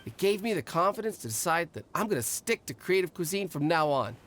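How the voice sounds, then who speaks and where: An actor playing an eager, talkative young stall owner in a video game, who rambles with enthusiasm. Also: male voice, on the high side, very animated, fairly quick, fairly bright tone, slight background noise.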